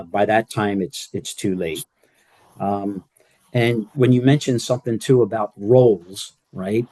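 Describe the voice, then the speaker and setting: Older male panelist, low mellow voice, loose rambling delivery full of fillers. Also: no echo. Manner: rambling, lots of fillers and restarts. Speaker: panelist, former care partner. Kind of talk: panel discussion.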